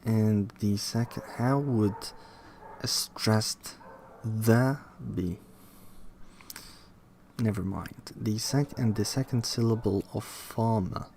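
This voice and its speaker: A man reading aloud from a linguistics textbook, halting, restarting words and questioning the text as he goes. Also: on the low side, vocal fry, darkish tone, a little hiss or hum. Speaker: reader studying a linguistics textbook. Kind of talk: reading aloud with self-commentary.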